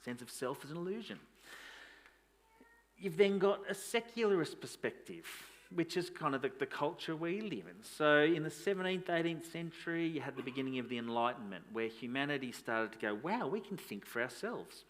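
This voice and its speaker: A man's voice: on the high side, a little fast. A man, a pastor preaching a sermon in a conversational way, asking rhetorical questions.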